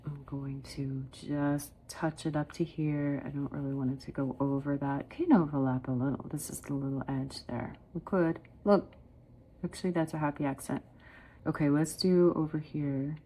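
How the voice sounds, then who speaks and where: A middle-aged watercolor art teacher with a low voice walks viewers through a painting step by step, chatty and encouraging as she calls them "guys." Her delivery is flat, moderately paced and mellow, with a breathy edge.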